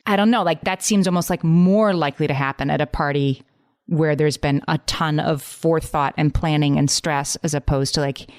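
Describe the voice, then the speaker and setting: A woman with a low, smooth, resonant voice co-hosting a podcast, musing in a wry, thoughtful way. The sound is close and dry, with no room around it. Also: normal speed, darkish tone, dry recording. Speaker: podcast co-host. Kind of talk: casual chat.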